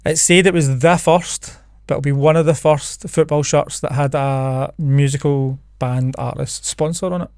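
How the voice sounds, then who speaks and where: A man's voice: fairly high pitch, steady tone, normal speed, few pauses, darkish tone, smooth, no echo, clean studio sound. A Scottish man co-hosting a podcast, sharing researched facts in a laid-back way. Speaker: podcast co-host. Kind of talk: casual chat.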